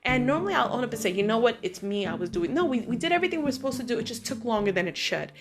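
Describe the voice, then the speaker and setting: A woman vlogging, telling everyday stories in an animated, chatty way full of fillers. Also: a little high, racing, a crowd in the background. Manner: animated, chatty, many fillers like "like" and "you know". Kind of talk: casual storytelling monologue.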